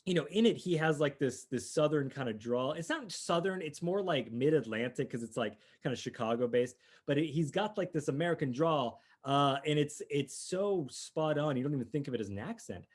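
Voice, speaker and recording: A man's voice: fairly high pitch, expressive, fairly quick, few pauses, slightly rough. A man co-hosting a podcast, chatting casually and enthusiastically about films, often restarting his sentences. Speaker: podcast co-host. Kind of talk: casual movie review chat.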